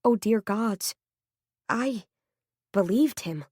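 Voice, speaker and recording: A woman reading a first-person novel aloud as audiobook narrator, in a tense, dramatic, measured way. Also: mid-range voice, animated, a little mellow, husky, dry recording, studio quality.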